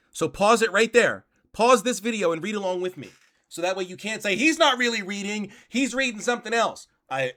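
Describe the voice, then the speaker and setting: A commentary channel host with a high, sharp voice reads passages aloud during a reaction commentary. He argues back in an exasperated tone and swears now and then.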